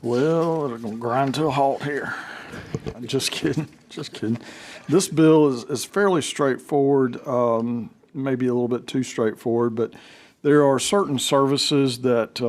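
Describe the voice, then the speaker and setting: A man's voice: mid-range voice, darkish tone. A senator presenting his bill to a committee in a folksy, conversational way, with a joke to start. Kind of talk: explaining a bill at a hearing.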